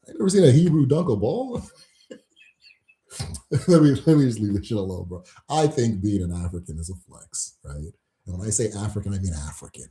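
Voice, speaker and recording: A man's voice: mid-range voice, very animated, normal speed, pauses often, warm tone. A man hosting his own channel, ranting casually and mockingly to camera, swearing and laughing often. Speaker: host of a channel on Igbo spirituality. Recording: roomy echo.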